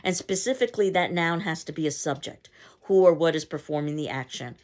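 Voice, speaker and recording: A woman's voice: sits low, brisk, a little mellow. A woman teacher giving a recorded lecture on poetry, explaining in a conversational way. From not from the local area. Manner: explanatory, conversational, reads poem aloud in stressed beats.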